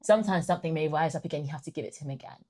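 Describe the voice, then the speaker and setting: Low-voiced earnest young woman guest. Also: racing. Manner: earnest, animated, drops to a near-whisper when reliving prayers. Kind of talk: candid faith conversation.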